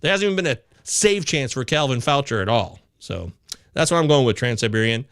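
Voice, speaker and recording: A man hosting a live fantasy baseball chat show, reading viewer comments aloud with excitable, casually profane banter. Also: medium pitch, brisk, clean tone, no echo, clean studio sound. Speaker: fantasy baseball podcast host.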